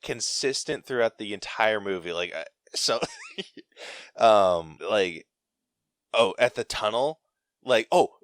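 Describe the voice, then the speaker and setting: A man's voice: lowish voice, lively intonation, takes it slowly, long pauses, fairly bright tone, no echo, clean studio sound. A young man hosting a podcast, telling a story in a casual, rambling way full of filler words. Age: young adult. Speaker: podcast host. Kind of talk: casual chat.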